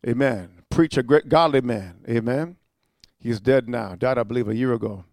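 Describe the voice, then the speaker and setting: With a medium-pitched voice at a moderate pace, a man preaches fiercely, alternating hushed stories with loud warnings. Rebukes and rhetorical questions come thick, punctuated again and again by "amen" and "huh", and there's no echo.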